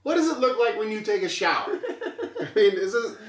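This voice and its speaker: A man's voice: high-pitched, sing-song, normal speed, echoey room, noisy background. A man co-hosting a casual podcast chat over a beer, laughing often and stumbling over his words. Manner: laughs often, stammering restarts. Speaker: podcast co-host.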